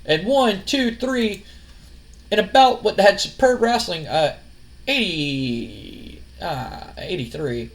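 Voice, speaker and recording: A young man recapping a wrestling simulation in loose, rambling commentary. He swears freely and retells each move with an animated, slightly high-pitched voice. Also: takes it slowly. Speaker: let's-play narrator. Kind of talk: casual game commentary.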